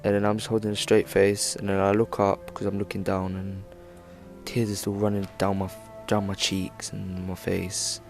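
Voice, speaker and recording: A man's voice: low voice, completely flat delivery, moderate pace, vocal fry, a little mellow, faint music behind. A young man telling a personal story for his vlog, rambling with lots of "like" fillers. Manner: rambling, filler-heavy "like" delivery. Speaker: vlogger.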